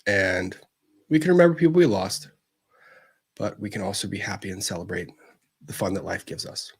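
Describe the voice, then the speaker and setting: A man hosting a livestream, chatting casually and gently as he answers viewer messages, with plenty of fillers and restarts. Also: deep voice, very animated, normal speed, slightly rough.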